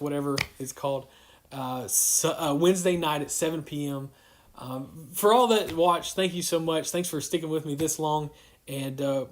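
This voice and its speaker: A man with a drawl talks loosely through a live-streamed devotional for his youth group. His voice sits a little on the high side, and he drifts from point to point and chases side thoughts. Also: a little hiss or hum. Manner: rambling, wanders off on tangents.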